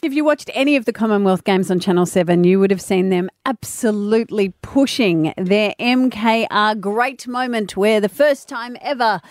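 A woman co-hosting breakfast radio, quick to laugh, reading news items in casual banter. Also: mid-range voice, dry recording. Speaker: radio co-host.

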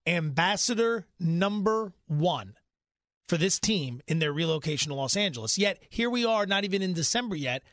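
A man's voice: high-pitched, expressive, normal speed, a bit bright, dry recording, studio quality. A man hosting a sports radio show, leading the segment and asking long questions.

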